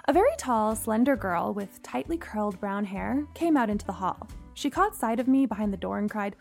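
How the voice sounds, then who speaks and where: Animated woman reading a first-person story. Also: mid-range voice, normal speed, creaky, few pauses, faint music behind. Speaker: narrator.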